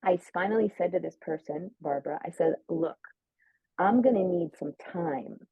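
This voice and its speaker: A woman's voice: fairly low pitch, normal speed, mellow, slightly rough, dry recording. A woman telling a personal story in casual chat, full of "like" and acting out quoted lines. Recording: narrow phone-like sound, dry.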